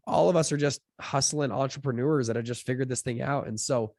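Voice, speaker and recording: A man's voice: medium pitch, fairly quick, creaky, dry recording, studio quality. A young adult man, a podcast guest, casually telling a long personal story with lots of fillers and acted-out quotes. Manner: chatty, filler-heavy, acts out quotes with lively voices. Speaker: podcast guest, fund founder.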